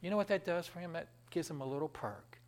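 A man delivers a sermon in a lively, conversational style, tossing asides to the congregation. His voice sits on the high side and he moves at a quick pace.

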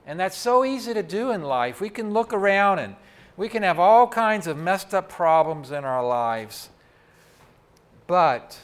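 A man preaching a sermon from a church pulpit into a microphone, in a folksy, conversational way with asides to the congregation. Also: high voice. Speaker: pastor. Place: church sanctuary.

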